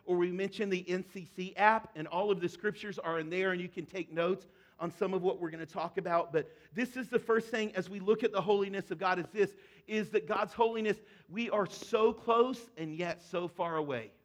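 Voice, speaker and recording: A man preaching a sermon as pastor, conversational and earnest, building to loud emphatic repetition. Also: sits high, steady tone, moderate pace.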